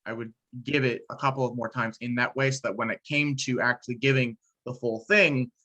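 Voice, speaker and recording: A man's voice: mid-range voice, fairly even intonation, a little fast, pushed and bright, poor audio. A male student sharing his experience in class, hesitant and restarting often. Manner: hesitant, many restarts and fillers. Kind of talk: class discussion.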